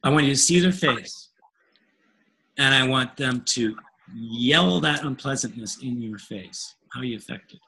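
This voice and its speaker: A man's voice: medium pitch, measured pace, slight background noise, rough recording. A man leading a webinar as a coach, talking casually and acting out dialogues with clients. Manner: animated, acts out client dialogue, laughs often. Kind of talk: casual teaching talk.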